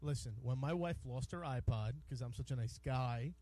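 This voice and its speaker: A man's voice: medium pitch, moderate pace, mellow. A man hosting a casual internet sports radio show, joking and teasing his co-host and often stumbling over his words. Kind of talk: casual bantering sports talk. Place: radio studio.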